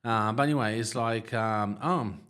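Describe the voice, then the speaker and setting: A man hosting a livestream, telling a personal story in a casual, halting way, with lots of fillers and restarts, laughing at his own tale. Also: lowish voice, a bit bright. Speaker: livestream host.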